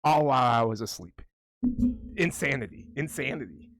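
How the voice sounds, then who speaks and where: A man's voice: mid-range voice, a little fast. A young man co-hosting a podcast, rambling and swearing in mock-conspiratorial casual chat. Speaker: podcast co-host.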